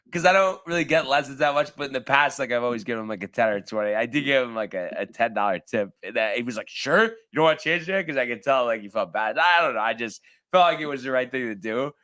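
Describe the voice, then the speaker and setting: A man co-hosting a casual sports talk show, telling a rambling story with lots of "like" and "you know". His voice swings up and down a great deal and has a bright, forceful edge. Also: mid-range voice. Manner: animated storyteller, rambling with many fillers. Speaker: podcast co-host.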